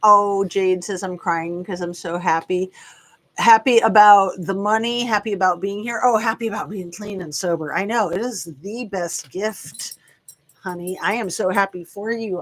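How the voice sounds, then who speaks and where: A woman in her fifties hosting a casual live stream from home, chatting to viewers and talking to her dogs in a rambling, friendly way. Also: mid-range voice. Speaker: true crime channel host. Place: home room.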